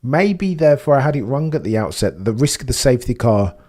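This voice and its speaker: A man hosting a live stream, giving chatty, excitable race watchalong commentary and laughing often. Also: medium pitch, brisk.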